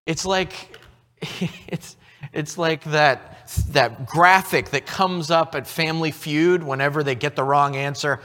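A male pastor delivers a sermon in an unhurried, animated way, his pitch climbing and falling freely. He leans hard into some phrases and pulls others down almost to a murmur. The voice rings out with a long reverb in a large church hall. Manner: expressive preaching, swinging from loud to hushed.

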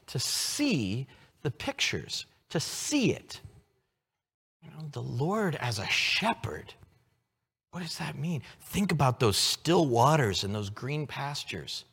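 Male pastor, sermon delivery, animated pitch, long hall reverb. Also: breathy edge. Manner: earnest, teaching, slow emphatic scripture reading.

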